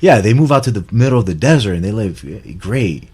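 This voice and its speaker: A man's voice: fairly low pitch, very animated, a little fast, darkish tone, husky. A man co-hosting a casual podcast with his girlfriend, rambling, swearing and joking. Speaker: podcast co-host. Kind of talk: casual banter.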